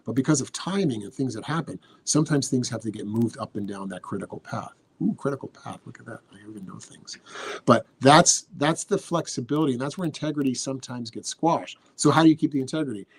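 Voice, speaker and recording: A man's voice: mid-range voice, lively intonation, fast, few pauses, slightly rough. A man speaking as a podcast guest, telling motivational stories in an earnest, emphatic way and repeating key phrases. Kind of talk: motivational storytelling.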